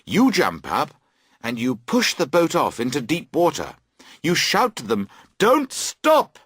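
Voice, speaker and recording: Slow, husky, animated storyteller man. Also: mid-range voice, dry recording, studio quality. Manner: slow, clear, very expressive. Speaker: audiobook reader. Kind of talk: scripted storybook narration for learners.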